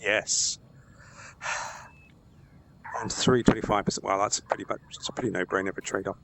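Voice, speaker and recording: A man giving excited live gameplay commentary while wearing a VR headset, breathless and swearing and laughing often. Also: on the low side, fairly quick, creaky, a little hiss or hum. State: breathless and overexcited. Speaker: gamer playing a space game.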